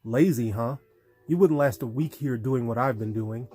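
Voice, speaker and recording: A man's voice: medium pitch, moderate pace, warm tone, dry recording, soft background music, natural voice. A male audiobook reader voicing an earnest, bantering teenage boy hero.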